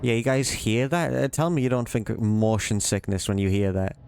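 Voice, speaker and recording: A man's voice: fairly low pitch, moderate pace, creaky, a little mellow, faint music behind. A man giving casual, playful commentary while playing a horror game, jokingly talking to the monsters as if they were silly pets. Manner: playful, teasing the monsters in a silly sing-song way. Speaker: let's play gamer.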